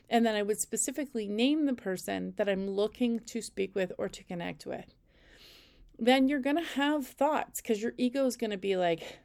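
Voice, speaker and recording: A woman teaching a spiritual intuition lesson, guiding listeners calmly step by step. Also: mid-range voice, moderate pace, gravelly. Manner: calm, step-by-step second-person instruction. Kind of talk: guided instructional talk.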